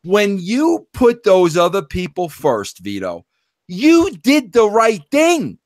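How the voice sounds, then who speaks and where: A man's voice: sits high, slow. A man hosting a casual podcast conversation, pressing his points and addressing his guest over and over as bro. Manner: animated, keeps saying "bro". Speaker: podcast host.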